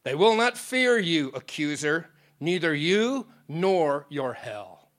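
God the Father, a commanding male deity, speaks in slow, resounding declarations. A preacher acts him out in a dramatic sermon story, and the voice sits a little high for a man. The delivery is solemn and loving, never harsh. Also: sing-song, a bit bright, exaggerated voice.

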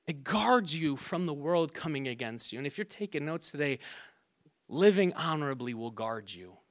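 A man's voice: fairly high pitch, big pitch swings, normal speed. A middle-aged man preaching as pastor in a conversational way, joking asides and acting out quarrels, often repeating and restarting words. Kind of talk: sermon.

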